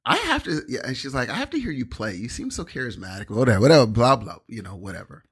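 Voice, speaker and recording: A man's voice: mid-range voice, sing-song, fast talker, fairly bright tone, breathy edge. A young man co-hosting a podcast, telling rambling stories in casual chat with lots of fillers and quoted dialogue. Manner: rambling anecdotes with many fillers and quoted voices. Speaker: podcast co-host.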